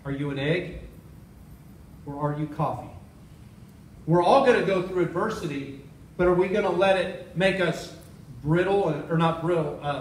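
A man's voice: on the high side, reverberant, recorded from a distance, slight background noise, low-quality recording. A man preaching a sermon as pastor, telling a story and repeating key phrases for emphasis. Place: church sanctuary.

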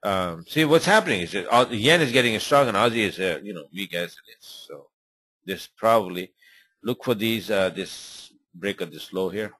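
Low-voiced man rambling over trading charts. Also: animated, moderate pace, a bit bright, slightly rough, dry recording. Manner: rambling and informal, many fillers. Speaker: forex trading webinar host. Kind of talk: live webinar chart commentary.

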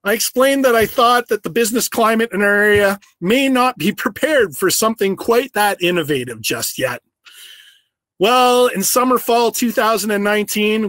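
A man with a rather high voice, recorded close and dry. He delivers a prepared speech in an earnest storytelling tone, slowing down to stress key phrases. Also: a bit bright, no room sound. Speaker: business owner giving an awards speech.

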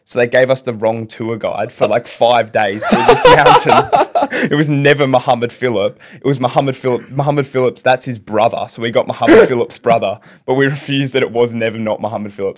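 A man's voice: mid-range voice, fairly quick, hardly any pauses. A young man telling a long story as a podcast guest, rambling through fillers and restarts. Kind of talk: casual storytelling.

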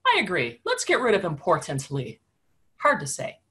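A woman's voice: lowish voice, wildly swooping pitch, normal speed, sharp tone. A woman hosting a casual web conference discussion, wry and opinionated with a jokey edge. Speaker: host.

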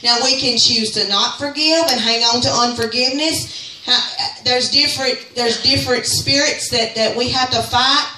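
A woman teaching a Sunday school lesson in a fervent preaching style, climbing to near-singing peaks and dropping low. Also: fairly even intonation, moderate pace, sharp tone, far from the mic. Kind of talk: sermon. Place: church. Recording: roomy echo, speaker off-mic.

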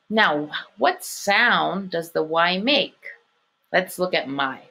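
A woman's voice: lowish voice, lively intonation, slow, bright, forceful tone, breathy edge. A woman teaching an elementary school phonics lesson, patient, sounding words out and checking in with "okay" after each point. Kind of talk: recorded online phonics lesson.

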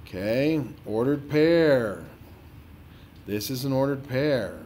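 A man's voice: medium pitch, lively intonation, a little slow, darkish tone, slight background noise. A man playing a math teacher who walks a student through a problem, scolding and sarcastic about the student not paying attention. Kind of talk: dramatized tutoring walkthrough.

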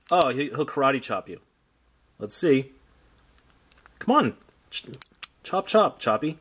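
A man's voice: medium pitch, a bit bright, slight background noise. Wry man rambling through a toy unboxing. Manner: rambling, wry, jokey asides. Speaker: toy collector vlogger. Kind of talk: casual unboxing commentary.

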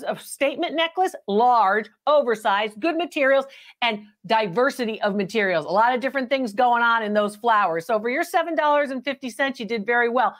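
A woman with a high, slightly bright voice hosts a live antiques appraisal show. She chats and teases with callers, calls them honey, and laughs a lot in this lively live-stream exchange.

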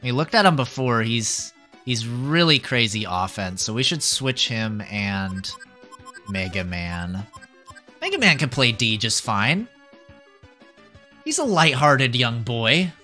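A young man giving excitable live commentary as a streamer, yelping and groaning at the game. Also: medium pitch, takes it slowly, faint music behind. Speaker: VTuber streamer.

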